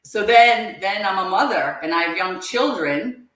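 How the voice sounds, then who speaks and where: A woman guest on a podcast, telling her personal story in an earnest, halting way and repeating words as she goes. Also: mid-range voice, animated, fairly bright tone. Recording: very echoey room.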